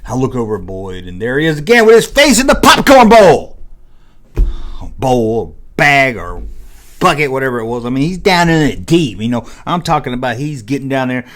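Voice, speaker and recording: A man telling a story in a casual, animated way, with a lively rise and fall in his voice. He acts out the scenes with sound effects and voices. His pitch sits in the middle. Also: moderate pace. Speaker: vlog host.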